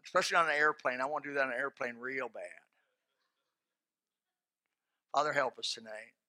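A man preaching a sermon in a folksy, colloquial way, breaking into sudden shouts. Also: medium pitch, very fast, no echo. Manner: folksy and animated, bursting into shouts; plain colloquial speech. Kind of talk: sermon with closing prayer.

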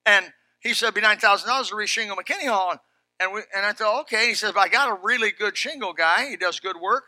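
A middle-aged pastor preaching a sermon, telling folksy stories with animated rises and shouts. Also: male voice, high voice, fast talker, no echo.

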